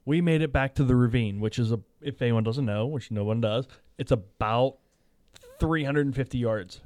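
A man's voice: medium pitch, normal speed, dry recording. Laid-back man telling a story. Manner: relaxed, laughing storytelling. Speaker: podcast host. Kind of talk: casual chat.

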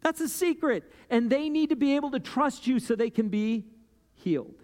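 A man preaching a sermon in a loose, conversational way, often checking in with "right?" and climbing in pitch and volume as he gets worked up. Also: lively intonation, normal speed, darkish tone. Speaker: pastor. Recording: long hall reverb with guitar playing underneath.

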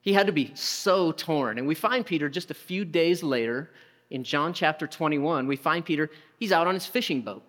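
Animated preacher in a reverberant hall. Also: male voice, on the high side, normal speed. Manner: animated storytelling, acts out voices, conversational asides. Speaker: pastor. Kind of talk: sermon. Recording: long reverb of a large hall.

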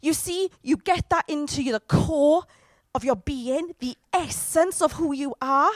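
A woman preaches a sermon, throwing direct questions at her congregation as she goes. Her voice sits fairly high, and the sound is dry and close. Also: a little slow, no echo.

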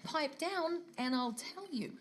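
A woman's voice: high-pitched, expressive, slow pace, slight background noise. A woman with a New Zealand accent playing a brash, car-loving stuntwoman in film dialogue who talks cheekily and swears freely. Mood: cheeky.

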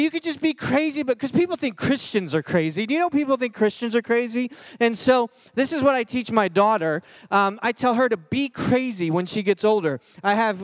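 A man in his thirties preaching a jokey youth sermon, animated and talking straight to the crowd. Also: very high-pitched, dry recording. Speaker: pastor.

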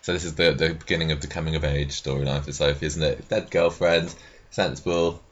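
A man talks quickly in a very deep voice, keeping the chat going with tag questions. He restarts his sentences often as he recaps the episode for a podcast. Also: fairly even intonation, lo-fi sound. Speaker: podcast co-host. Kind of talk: casual soap recap chat.

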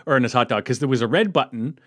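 A man's voice: mid-range voice, very fast. A man co-hosting a podcast, chatting casually and recapping a cartoon episode, loose and joking with some swearing and frequent laughs. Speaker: podcast co-host.

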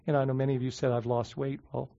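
A man preaching a sermon in a loose, conversational way, with lots of fillers and restarts, who slows down to stress his points. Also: mid-range voice, level tone, creaky, warm tone. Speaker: pastor. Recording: dull lo-fi sound.

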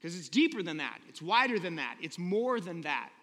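A man's voice: high-pitched, very animated, moderate pace, fairly bright tone, long reverb tail. A man preaching a sermon in a conversational, earnest way, often asking the listeners rhetorical questions. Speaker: pastor.

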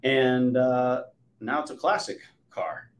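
A man in his forties hosting a podcast, telling stories with animated swings between loud and soft. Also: medium pitch, slow pace. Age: 40s. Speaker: podcast host. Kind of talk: conversational interview. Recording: roomy echo.

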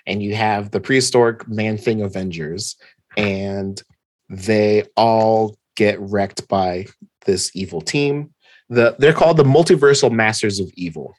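A man with a low, husky voice recaps a comic story in easygoing podcast chat. He laughs often and loses track of names along the way. He sounds close and dry. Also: measured pace, no echo.

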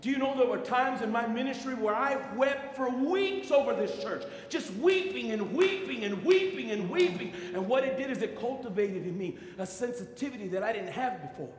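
High-voiced man preaching in an echoey church. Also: expressive, normal speed, few pauses. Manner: impassioned preaching with stammered restarts and call-outs to the congregation. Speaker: pastor. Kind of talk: sermon. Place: church sanctuary.

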